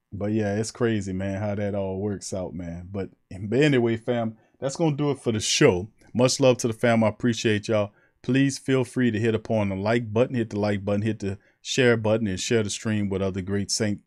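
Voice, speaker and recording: A man hosts a casual sports livestream, talking in a loose, slangy way and shouting out viewers from the chat. His voice sits fairly low, and the sound is dry and close. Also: dry recording. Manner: loose, slangy, reads chat names aloud.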